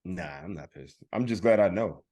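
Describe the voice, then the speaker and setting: A man's voice: lowish voice, animated, moderate pace, creaky, a little mellow. A man co-hosting a podcast, telling a story in casual chat and acting out the other people's lines. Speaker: podcast co-host.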